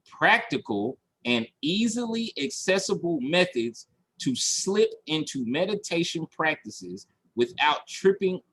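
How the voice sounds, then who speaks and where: Man, marketing coach, lively pitch, husky voice, repeats himself for emphasis. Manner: animated, repeats points for emphasis. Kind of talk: recorded online training session. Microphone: video call.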